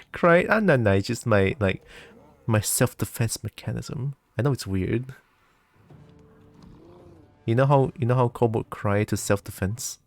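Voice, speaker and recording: A man's voice: medium pitch, expressive, unhurried, pauses often. A man casually commenting while playing a video game, chatty and laughing often. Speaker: gaming streamer.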